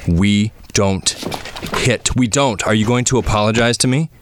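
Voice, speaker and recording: A man's voice: fairly low pitch, normal speed, background noise, natural voice. An actor playing an exasperated father who scolds his defiant young son and raises his voice at him. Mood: scolding. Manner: scolding, rising to shouting. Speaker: father in a played scene.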